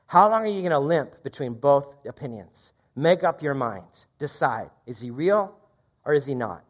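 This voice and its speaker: A man preaching a sermon, reading scripture aloud and commenting in a conversational, lively way. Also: normal speed. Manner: lively, rises in pitch when quoting. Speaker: pastor.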